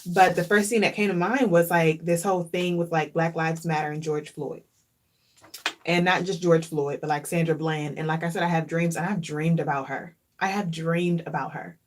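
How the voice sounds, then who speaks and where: A woman vlogger speaks in a casual, heartfelt way, her voice sitting a little low. She turns reflective and openly emotional, often repeating a phrase to drive it home. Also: steady tone, moderate pace. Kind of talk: casual chat.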